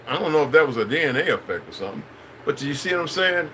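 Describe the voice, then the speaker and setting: A man's voice: a little high, big pitch swings, very fast, sharp tone, a little hiss or hum, low-quality recording. A middle-aged man, a channel host, in a rambling, profane, preachy unscripted monologue.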